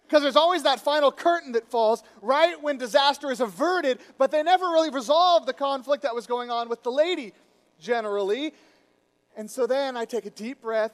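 A man preaching a sermon to his congregation, telling a story with lively, rising emphasis. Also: sits high. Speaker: pastor. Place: church sanctuary. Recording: reverberant hall.

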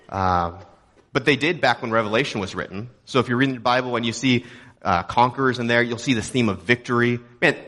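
A man's voice: mid-range voice, fairly bright tone. A young adult man from Texas preaching a sermon as a pastor, in a conversational, joking way with rhetorical questions. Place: church auditorium.

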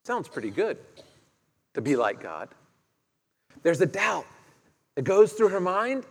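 A man's high-sitting voice is gravelly and husky, with a sing-song lilt, a slow pace, and long pauses. He preaches conversationally, asking the congregation questions as he retells the story, in an echoey hall with long reverb.

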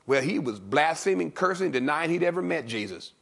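Husky, forceful preaching man. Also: a little high, a little fast. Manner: animated, preachy, emphatic. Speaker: pastor. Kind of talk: sermon. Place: church stage.

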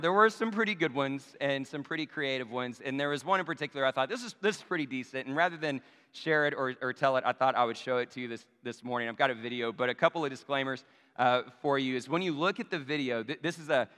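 A male pastor giving a conversational sermon to his congregation, often checking in with them using quick tag questions. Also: medium pitch, pushed and bright, clean tone. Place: church sanctuary. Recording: long reverb of a large hall.

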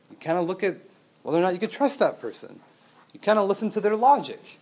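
A young man preaches in a loose, conversational way, his voice sitting a little high for a man. He stays animated throughout and keeps throwing rhetorical questions at his listeners. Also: quick pace, husky. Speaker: pastor. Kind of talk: sermon.

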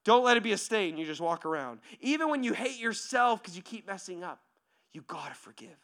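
Male preacher, bright and forceful tone, chatty sermon delivery with big swings from loud to whispered. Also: high voice, a little fast. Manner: animated, conversational, asks "right?" constantly; swings from near-shouting to hushed whispers. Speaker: pastor.

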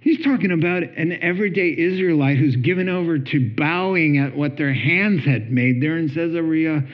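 A man preaching a sermon with animated storytelling, acting out quotes and chuckling between points. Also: on the high side, normal speed, dull audio. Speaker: pastor.

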